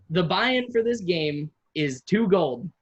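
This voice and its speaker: A young adult game master narrating a tabletop game, halting and restarting often. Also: mid-range voice, animated, breathy edge, muffled recording.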